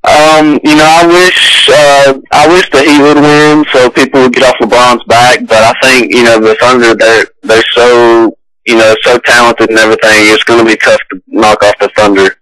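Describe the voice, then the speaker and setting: A man from Alabama calling in as a basketball recruiting guest, talking haltingly with many fillers. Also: medium pitch, level tone, fairly bright tone, clean tone, dry recording, rough recording. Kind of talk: casual phone interview.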